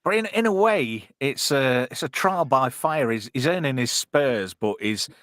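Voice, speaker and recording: A man's voice: medium pitch, animated, measured pace, a bit bright, dry recording, clean studio sound. A man hosting a casual, jokey live-stream commentary on a film. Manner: chatty, jokey, puts on silly voices. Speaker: podcast co-host.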